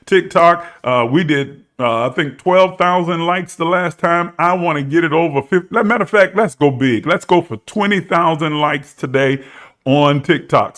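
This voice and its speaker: A middle-aged man hosts a spiritual live stream. His voice is bright and a bit high for a man. He stretches key words and builds up to exclaiming points. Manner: preacherly, drawn-out emphasis, rising to exclaim. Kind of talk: live-stream talk to online viewers.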